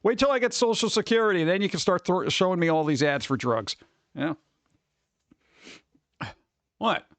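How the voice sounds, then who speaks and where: Sitting high in pitch, this middle-aged streamer's voice moves at a moderate pace with frequent pauses, recorded with no room sound. Over-caffeinated, he chats loosely with viewers, cursing and impersonating the people he mentions.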